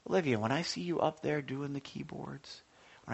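A male pastor delivering a sermon in an animated way, swinging between loud emphasis and soft, quiet asides. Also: fairly high pitch, normal speed, vocal fry, slightly rough.

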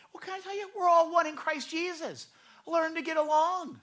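A woman preaching with a bright, sharp-edged voice. She delivers the sermon in an animated way, stumbling over repeated words as she goes. She slips into the voices of the people she quotes. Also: very high voice, normal speed. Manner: animated, frequent stammered repeats; acts out quoted speakers.

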